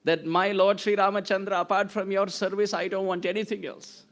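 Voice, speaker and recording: A man's voice: high voice, little pitch movement, a little fast, fairly bright tone. A man giving a devotional sermon, telling stories expressively and reciting Sanskrit verses. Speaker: preacher.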